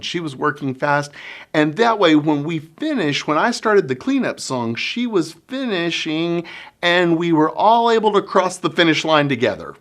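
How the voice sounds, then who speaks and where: Animated man, lively storyteller. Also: on the high side, normal speed. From Oklahoma, US. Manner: animated storyteller, acts out children and teacher; folksy sayings. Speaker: children's minister. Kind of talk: conference workshop talk.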